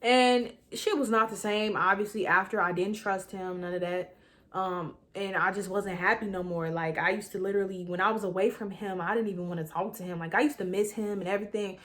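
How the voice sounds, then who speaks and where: Dramatic young woman telling a storytime. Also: brisk. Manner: animated, dramatic, swings between loud outbursts and low asides; casual slangy storytelling straight to viewers. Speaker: vlogger. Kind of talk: storytime vlog.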